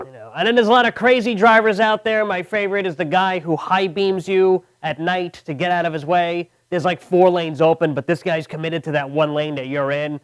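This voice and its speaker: Young New comic with a smooth voice. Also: male voice, sits high, fairly quick, hardly any pauses. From Long Island, New York. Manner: deadpan, mocking voices of others. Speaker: stand-up comedian. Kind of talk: stand-up comedy set. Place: comedy club.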